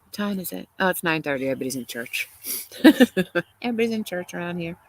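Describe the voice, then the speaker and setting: A woman's voice: fairly low pitch, animated, fast, poor audio. A woman hosting a casual livestream, talking through viewer comments in an opinionated, chatty way and laughing often. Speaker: livestream host. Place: outdoors in a garden.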